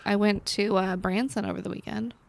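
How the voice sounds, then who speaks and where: A young woman co-hosting a podcast, chatting casually and telling embarrassing stories about herself with lively, self-mocking energy. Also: medium pitch, a little fast, creaky. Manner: animated, self-deprecating storytelling. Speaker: podcast co-host. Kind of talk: casual chat and anecdote. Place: library recording room.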